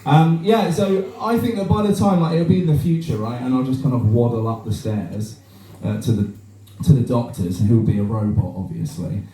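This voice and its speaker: A man's voice: medium pitch, normal speed, few pauses, warm tone, a little hiss or hum. A man doing a crude, self-deprecating stand-up set, chatting with the audience in a small bar. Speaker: stand-up comedian. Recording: roomy live sound from a distant mic with audience laughter.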